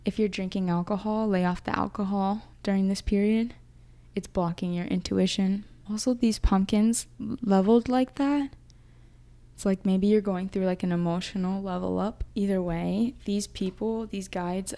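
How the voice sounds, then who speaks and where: A woman's voice: medium pitch, fairly even intonation, normal speed, warm tone. A young woman giving a casual, chatty tarot reading, talking through her intuitions in an emotional, thinking-aloud way. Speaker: tarot reader.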